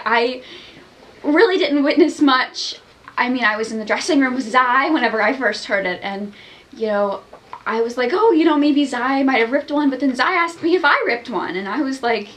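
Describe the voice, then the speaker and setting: A woman speaking sheepishly and hesitantly in a comic mockumentary interview. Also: a bit bright. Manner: sheepish, hesitant and low-key. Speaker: interviewee in a mock documentary.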